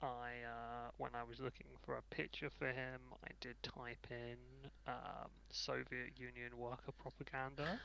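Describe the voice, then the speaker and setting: A man's voice: mid-range voice, flat delivery, moderate pace, gravelly, few pauses, sharp tone, slight background noise, rough recording. A man playing in a tabletop game, describing his character hesitantly with many fillers. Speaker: player. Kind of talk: casual tabletop session planning.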